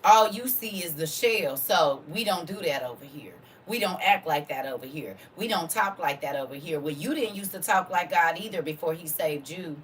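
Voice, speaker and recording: A woman's voice: low voice, animated, normal speed, few pauses, distant mic. A woman preaching to a congregation in a fervent, informal way, full of rhetorical questions and casual vernacular.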